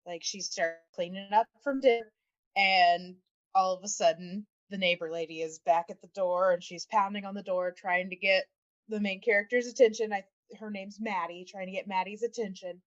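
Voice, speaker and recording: A woman's voice: mid-range voice, steady tone, moderate pace, dull audio. A woman co-hosting a podcast, chatting casually and laughing often, with plenty of fillers. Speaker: podcast co-host.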